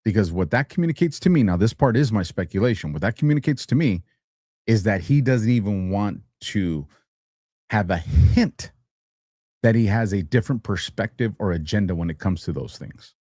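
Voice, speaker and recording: A man's voice: on the low side, expressive, moderate pace, warm tone, no room sound, clean studio sound. A man hosting a livestream show, talking casually and animatedly, teasing his chat and laughing often. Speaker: host.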